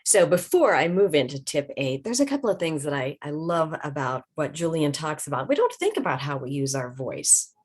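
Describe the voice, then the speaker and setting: A woman presents a webinar, her voice somewhat low and husky. She talks conversationally, walking through tips with examples, close to the mic. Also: very animated, moderate pace, hardly any pauses.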